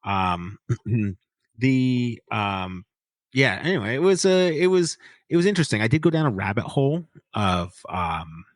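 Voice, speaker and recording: A man's voice: medium pitch, sing-song, no echo. A man co-hosting a book podcast, chatting casually over a remote call mic, rambling and joking with many restarts. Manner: rambling, halting, joking storytelling. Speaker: podcast co-host, book reviewer. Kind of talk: casual chat.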